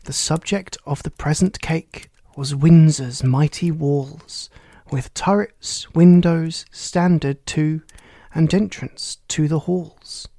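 A reader reciting rhyming verse in a measured way, often dropping to a hushed, breathy near-whisper. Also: medium pitch, steady tone, dry recording.

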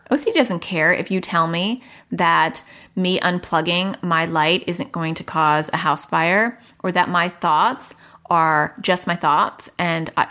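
A woman from New York hosts an educational podcast with a slightly low voice. She explains each point directly and adds quick asides as she goes. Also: a bit bright. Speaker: podcast host.

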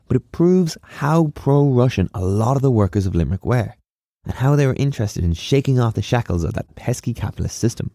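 A man's voice: mid-range voice, mellow, no room sound, clean studio sound. A man hosting a history podcast, reading a script in a casual, wry way with sarcastic asides. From Ireland.

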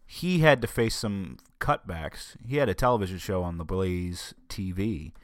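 A man's voice: sits low, moderate pace, dry recording, clean studio sound. A man hosting his own podcast, talking casually and rambling, griping about his week with wry humor. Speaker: podcast host. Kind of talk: casual solo podcast talk.

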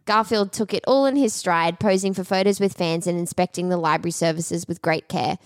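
A woman's voice: fairly low pitch, brisk, no room sound, clean studio sound. A woman co-hosting a podcast, casually reading out news stories with frequent giggles and small stumbles. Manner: giggly, reads with stumbles and laughs. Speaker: podcast co-host.

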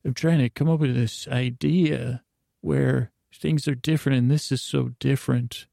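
A man's voice: mid-range voice, steady tone, moderate pace, creaky, mellow, no room sound, clean studio sound. Man voicing an eager stammering circus dreamer. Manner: stammering, rambling.

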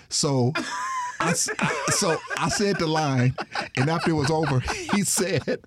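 A man telling a story in casual chat, acting out the people he quotes and laughing often. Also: unhurried. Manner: animated, acts out quoted voices with big pitch jumps. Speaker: guest storyteller.

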